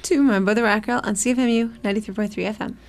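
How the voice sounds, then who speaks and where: A woman's voice: medium pitch, fairly even intonation, rapid-fire. A woman co-hosting an overnight radio show, playfully teasing her co-host as they chat about the music. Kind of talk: casual overnight radio banter. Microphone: studio microphone.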